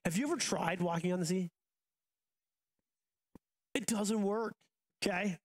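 A man's voice: high voice, measured pace. A man in his thirties, a pastor preaching a sermon in a casual, conversational way, often restarting and going off on asides. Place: church auditorium.

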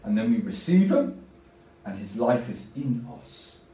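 Deacon guy giving a parish talk, quizzes the crowd, dark mellow tone, roomy echo. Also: medium pitch, very animated, a little slow. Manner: emphatic, asks the audience questions. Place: church. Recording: echoey church from far off.

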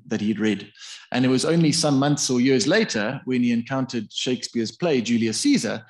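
Hesitant professor lecturing. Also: male voice, mid-range voice, darkish tone. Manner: thinks aloud, hesitant and discursive. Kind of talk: academic public lecture. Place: university lecture hall.

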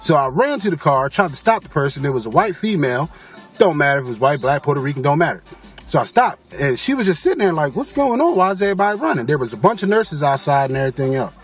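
Animated, cursing man telling a story. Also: fairly high pitch, fast talker, soft background music. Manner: animated, profane, acts out quoted voices. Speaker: vlogger. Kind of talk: casual storytelling vlog.

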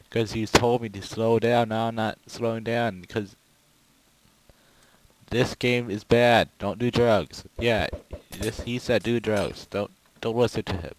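A man giving casual, rambling gameplay commentary with goofy, excitable outbursts. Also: mid-range voice, takes it slowly, rough recording. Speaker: gaming video creator.

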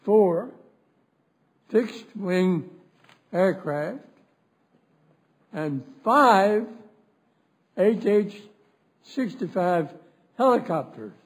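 Frail man in his 90s, chairing a hearing; husky, very slow, repeats lines for emphasis. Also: sits high, lively intonation. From West Virginia. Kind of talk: formal committee speech. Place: Senate hearing room.

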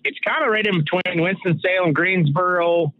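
A man's voice: high-pitched, moderate pace, no room sound. A man from Saskatchewan, a guest talking casually over the phone, rambling through stories with frequent laughs. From Canada, Saskatchewan. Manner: relaxed rambling storyteller, laughs often. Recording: phone-like narrow sound.

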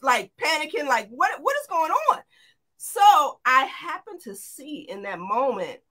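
A middle-aged woman, a guest in an interview, retelling a frightening experience in an animated, excited way, often restarting her sentences. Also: on the high side. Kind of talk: emotional storytelling.

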